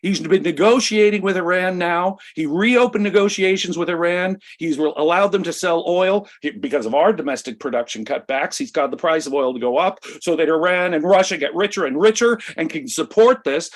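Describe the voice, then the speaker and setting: A man from the United States co-hosting a talk show, giving impassioned political commentary and speaking with emphatic conviction. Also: sits high. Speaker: co-host.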